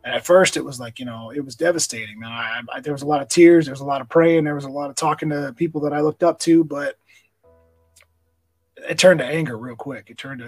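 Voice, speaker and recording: A man talks quickly in a slightly raised, husky voice, telling his story with earnest emotion. The recording is dry and close, with faint music underneath. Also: mid-range voice, no room sound, poor audio. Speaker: nonprofit founder, police officer. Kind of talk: conversational interview.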